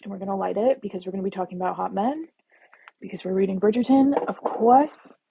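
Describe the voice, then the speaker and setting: A woman's voice: medium pitch, fast, creaky, dark tone, slight background noise, poor audio. A woman hosting a book-reading livestream, chatting casually and bubbly with viewers, full of jokey asides. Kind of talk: casual live chat with viewers.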